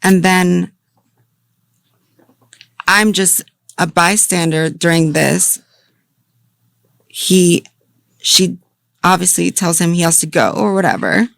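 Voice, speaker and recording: Brief: female witness, measured recounting, low gravelly voice. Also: a bit bright, no echo. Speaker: friend and bystander in the clip. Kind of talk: calm recounting in an interview.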